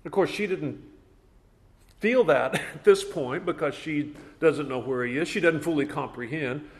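A man's voice: a little high, unhurried. A man leading a Bible study class in a conversational way, asking the group questions.

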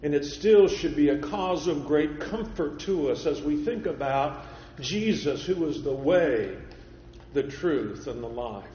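A male preacher giving a Sunday morning sermon, measured and repeating key phrases for emphasis. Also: fairly high pitch, animated, mellow, a little hiss or hum. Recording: echoey hall, dull lo-fi sound.

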